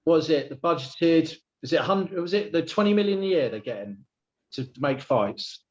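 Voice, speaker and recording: A man chatting casually on a boxing podcast, a bit halting. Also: on the high side, lively intonation, highs cut off.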